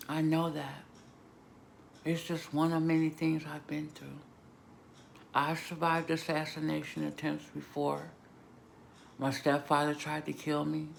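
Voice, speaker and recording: A woman vlogger giving an emotional, emphatic personal testimony, moving between hushed and loud moments. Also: low-pitched, flat delivery, moderate pace, vocal fry, slight background noise. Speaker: vlogger sharing a personal story.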